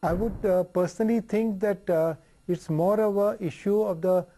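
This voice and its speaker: Company chairman on a studio link, high mellow voice, measured reasoning. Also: steady tone, slight background noise. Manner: measured, reasoning aloud with fillers. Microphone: remote studio link.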